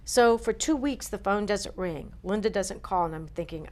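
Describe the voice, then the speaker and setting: A woman as an interview guest, telling dream stories in an animated way and acting out the voices she quotes. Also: mid-range voice, normal speed. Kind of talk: interview storytelling.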